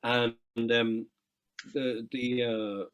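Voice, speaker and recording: A middle-aged Irish man, a guest musician in an interview, telling lively anecdotes with quick asides and casual swearing. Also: mid-range voice, clean tone, highs cut off.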